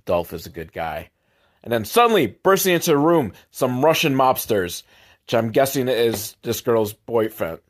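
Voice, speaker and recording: A man hosting a podcast, recapping a movie in a rambling, comedic way with sarcastic asides that sometimes drop to a low mutter. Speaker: podcast host.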